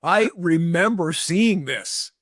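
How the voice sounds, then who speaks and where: A man's voice: on the high side, animated, slow, a bit bright, no room sound, clean studio sound. A man hosting a podcast interview, reacting with enthusiastic affirmation and steering the talk forward. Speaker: host.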